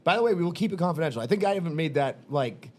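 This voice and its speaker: A man hosting a casual podcast, rambling and joking with quick asides. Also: fairly high pitch, lively intonation, darkish tone. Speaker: podcast host. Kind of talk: casual chat.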